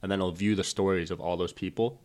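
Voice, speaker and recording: Brief: young male guest, very low voice, a bit congested, calm and matter-of-fact, casual podcast talk. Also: quick pace, noisy background. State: a little stuffy from a cold. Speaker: podcast guest, entrepreneur and speaker.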